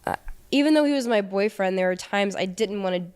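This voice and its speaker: A young woman in an interview telling a painful personal story in a halting, emotional way, with many restarts. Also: medium pitch, a little mellow, smooth. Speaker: interview guest.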